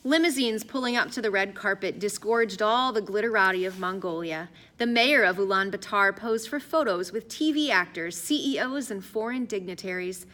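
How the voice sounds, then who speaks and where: A woman narrating an audiobook in an expressive, lively storytelling voice. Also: medium pitch, moderate pace, hardly any pauses. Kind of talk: scripted narration.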